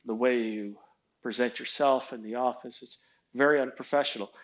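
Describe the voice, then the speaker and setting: A man's voice: mid-range voice, steady tone, normal speed, close to an everyday voice. A man putting on the voice of a smug, condescending male HR manager, patronizing and scolding, on a dull lo-fi recording.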